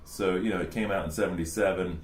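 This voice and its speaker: A man's voice: low voice, fast. A man in his forties co-hosting a podcast, chatting casually and rambling with lots of "like" and "you know". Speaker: podcast co-host. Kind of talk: casual chat. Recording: echoey room.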